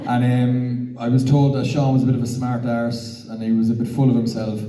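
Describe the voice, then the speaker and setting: A man's voice: medium pitch, completely flat delivery, a little fast, dark tone. A man with a Cork Irish accent telling a jokey story as a voice actor on a panel. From Ireland. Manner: jokey, self-mocking, laughs often. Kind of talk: casual storytelling on stage. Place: convention panel hall. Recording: echoey hall from far off with crowd.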